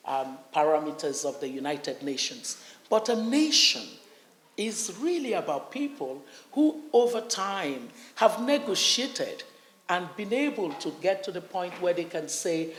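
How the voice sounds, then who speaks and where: Impassioned Nigerian woman in an echoey hall. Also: deep voice. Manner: impassioned, acts out voices of different groups. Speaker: conference speaker. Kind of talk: on-stage conversation. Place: conference hall.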